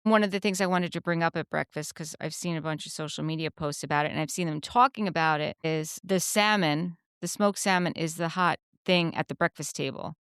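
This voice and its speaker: A woman's voice: deep voice, brisk, few pauses, clean tone, no echo, studio quality. Woman host recapping a TV episode. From New Jersey. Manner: recaps episodes in a steady, explaining way. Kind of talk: casual podcast chat.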